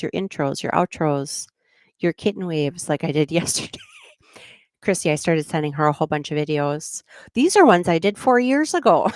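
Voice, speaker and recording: A woman's voice: deep voice, dry recording, clean studio sound. A middle-aged woman hosting a true crime channel, chatting casually and rambling with frequent laughs. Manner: rambling, laughs often, slips into goofy voices. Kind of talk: casual livestream chat.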